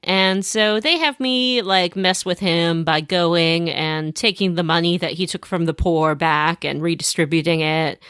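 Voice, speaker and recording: A woman co-hosting a podcast, retelling her game in casual, animated storytelling. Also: on the low side, unhurried, hardly any pauses, clean tone, dry recording, studio quality. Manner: animated storytelling, acts out characters. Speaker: podcast co-host. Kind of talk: casual chat recapping a game.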